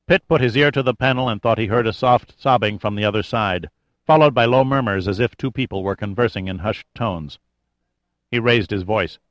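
A man narrating an audiobook at an even, measured pace. His voice sits in a middle register. The recording is dry, with a slightly muffled top end. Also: medium pitch, dry recording. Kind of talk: scripted narration.

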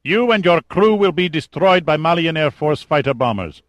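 A man's voice: a little high, animated, moderate pace, dry recording, voice pushed up, lightly acted. A man voicing a cold, commanding military general in an audiobook, speaking in a clipped, threatening way. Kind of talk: audiobook character voice.

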